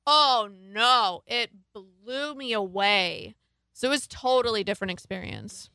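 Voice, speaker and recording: A woman's voice: a little high, unhurried, pushed and bright, clear, resonant tone, dry recording. A woman chatting casually as a podcast guest, talking in an emphatic, enthusiastic way. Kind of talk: casual chat.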